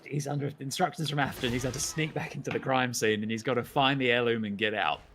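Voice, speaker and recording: A man's voice: mid-range voice, fast talker, a little hiss or hum. Man animatedly describing a video scene. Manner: animated storytelling, acts out characters. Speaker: co-host, animator. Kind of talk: casual chat.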